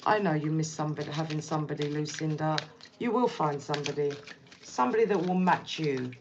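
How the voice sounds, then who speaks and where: Low-voiced woman giving a blunt tarot reading. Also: brisk, dull audio, noisy background. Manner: blunt, repetitive, direct address. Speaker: tarot reader. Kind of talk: casual tarot reading to camera.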